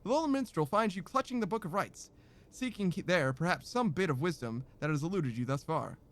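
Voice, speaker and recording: Animated, laughing male streamer. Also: a little high, a little fast. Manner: animated, laughs often, joking. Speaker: streamer reading a game aloud. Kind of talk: playthrough narration and banter.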